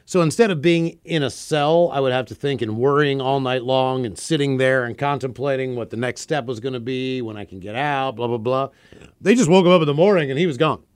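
A man co-hosting a talk radio show, chatting casually and thinking out loud. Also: mid-range voice, a little fast, smooth, no room sound, clean studio sound. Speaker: radio co-host. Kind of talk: casual chat.

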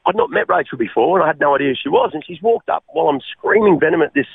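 An Australian man recounts his life story as a radio guest, earnest and stumbling, with many restarts and frequent use of mate. His voice is gravelly and a little high for a man. It comes through a dry, tinny phone line. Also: expressive, racing, slight background noise. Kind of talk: personal testimony on radio.

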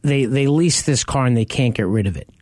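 A man's voice: medium pitch, a little fast, darkish tone, no room sound. A man co-hosting a talk show about buying cars, telling anecdotes in a casual way and acting out what people said. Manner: storytelling, acts out quoted people. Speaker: co-host.

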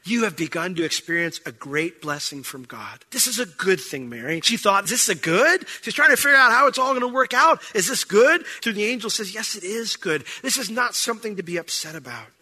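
A male pastor preaching a sermon in a very bright, ringing voice pitched a little high. He is animated, rising to loud emphasis and dropping to soft asides, and puts questions straight to his listeners. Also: brisk, hardly any pauses. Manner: asks the congregation questions directly.

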